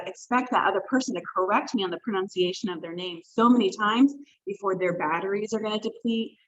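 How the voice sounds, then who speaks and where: A woman's voice: medium pitch, fairly bright tone, breathy edge. A woman runs a training session over a video call, speaking conversationally and putting weight on key points. Her voice sits in an average range, and the sound is dull and lo-fi, typical of call audio. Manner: conversational and emphatic, with self-corrections. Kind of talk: workshop presentation on a video call.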